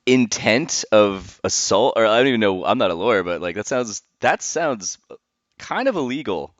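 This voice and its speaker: A man's voice: fairly low pitch, expressive, moderate pace, no room sound, highs cut off. A man hosting a podcast, reacting to a guest's story with short, stunned interjections. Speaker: podcast host. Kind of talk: casual interview.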